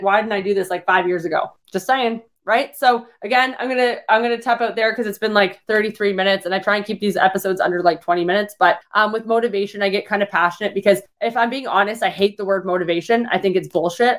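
Blunt, energetic woman fitness coach. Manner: blunt, energetic, swears freely, many fillers; voices the listener's complaints in a higher pitch. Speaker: fitness coach and podcast host. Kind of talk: casual motivational talk on a live-streamed podcast.

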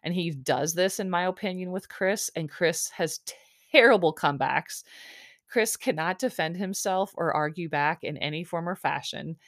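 A woman's voice: on the low side, normal speed, no echo, studio quality. A woman casually recapping a reality TV episode in a chatty, opinionated way, full of "like" and "um". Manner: chatty, filler-heavy, with frequent "like" and "um"; opinionated storytelling.

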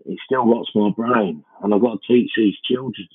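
A man hosting a comedy podcast, rambling through a self-mocking comic monologue in a deadpan way. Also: lowish voice, normal speed, breathy edge. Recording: band-limited, phone-like sound.

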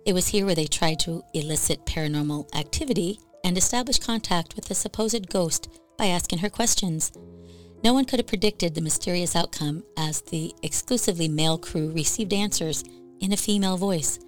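Lower-voiced woman narrating a ghost story. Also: soft background music. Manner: even, measured storytelling of a ghost tale. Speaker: podcast storyteller. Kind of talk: scripted narration.

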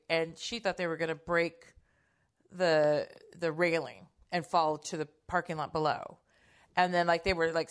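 A middle-aged woman telling a personal story in a casual, candid way, swearing freely and acting out quoted lines. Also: lowish voice.

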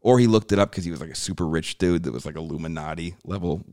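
Low-voiced man telling a wild story. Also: fast, no echo, clean studio sound. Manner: animated, swears freely, acts out quoted dialogue. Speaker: guest comedian. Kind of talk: casual podcast storytelling.

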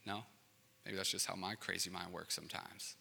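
A male pastor preaching in a relaxed, conversational way and slipping in joking asides. His voice is very bright and sharp, and it carries a long reverb from a big hall. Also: deep voice, normal speed, gravelly, a little hiss or hum. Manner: casual and conversational, acting out quotes with joking asides. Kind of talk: sermon.

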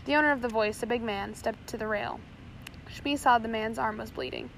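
Woman, audiobook narration, steady reading, small slips, somewhat high pitch. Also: fairly quick, creaky, slight background noise, rough recording.

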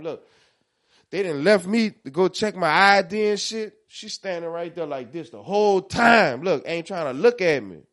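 Animated New Orleans man telling stories. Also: on the high side, no room sound, clean studio sound. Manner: animated storytelling, swears a lot, acts out quotes. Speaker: podcast co-host. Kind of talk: casual chat.

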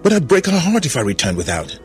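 A man voicing an earnest young first man who speaks slowly and hesitantly. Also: fairly high pitch, wildly swooping pitch, faint music behind, voice pushed up.

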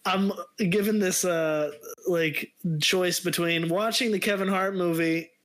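A man's voice: high-pitched, steady tone, unhurried, fairly bright tone. A man co-hosting a comedy podcast, bantering playfully with mock-tough trash talk. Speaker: podcast co-host. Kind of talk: casual comedic chat.

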